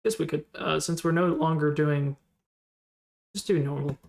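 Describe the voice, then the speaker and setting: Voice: medium pitch, steady tone, moderate pace, gravelly. A streamer in casual live-stream commentary, thinking aloud in a rambling, unsure way and replying to chat in passing.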